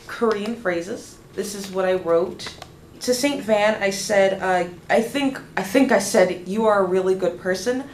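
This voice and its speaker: A young woman vlogger excitedly telling a story, gushing and tripping over her words as she goes. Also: medium pitch, a little hiss or hum. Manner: gushing, restarts often, lively. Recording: roomy echo, faint background ambience.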